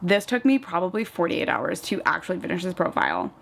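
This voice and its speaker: Low-ish, fast, and creaky, the voice comes from a young East Coast woman doing her makeup at home for a get-ready-with-me vlog. She chats casually, leans heavily on "like," and acts out little stories in an animated way.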